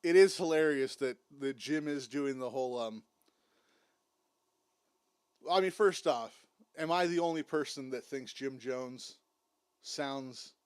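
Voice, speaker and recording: A man's voice: medium pitch, clean tone, no room sound, studio quality. A man hosting a watchalong stream, mocking and swearing through casual commentary while clips play. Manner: mocking, swears a lot, talks over clips. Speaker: stream host.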